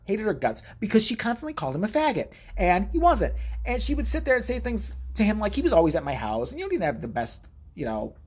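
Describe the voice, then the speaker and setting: Animated husky man telling a story. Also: high voice. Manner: profane, animated, rambling with self-corrections. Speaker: vlogger telling a family story. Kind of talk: casual storytelling monologue.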